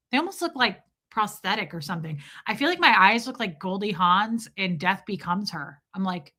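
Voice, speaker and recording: A woman in her forties telling candid, rambling stories on a casual live stream, slipping into quick impressions of the people in them. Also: medium pitch, sharp tone. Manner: candid, rambling storyteller, does voices of people.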